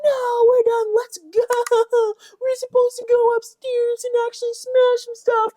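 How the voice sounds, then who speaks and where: A woman putting on a shrill, whiny voice to mock a caricatured woman. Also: flat delivery, a little slow, mellow, dry recording. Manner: squeaky, whiny, exaggerated.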